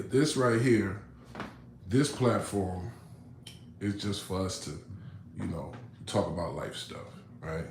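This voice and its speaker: A man's voice: fairly low pitch, a little mellow. A laid-back, streetwise man chats loosely with his live audience from home. His talk keeps circling back to "you know what I'm saying". The voice sits in a roomy space with a faint hum of background noise. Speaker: livestream host. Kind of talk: casual livestream chat with viewers.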